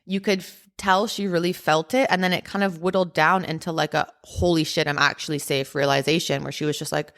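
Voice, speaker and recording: Her fairly low voice is steady, a bit bright, and brisk, with few pauses. As a podcast host, she tells a personal story in a loose, chatty manner full of "like" and "um" fillers.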